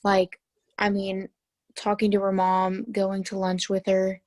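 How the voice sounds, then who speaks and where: A teenage girl chats about a book on a video call, talkative and emphatic. Her pitch is mid-range. The sound is dry and close. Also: monotone, a little slow, a little mellow, no echo. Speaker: student in book discussion. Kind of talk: casual video call discussion.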